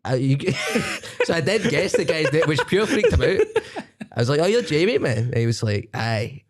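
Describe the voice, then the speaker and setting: A man's voice: a little high, very animated, moderate pace. A man telling rambling stories with frequent laughter in a casual podcast chat. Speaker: comedian guest.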